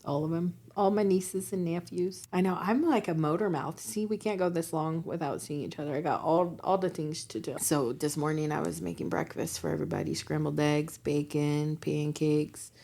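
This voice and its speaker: A woman in her forties co-hosting a podcast, telling animated stories in casual chat, acting out quotes and laughing often. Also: low voice, normal speed, creaky, few pauses. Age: 40s. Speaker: podcast co-host.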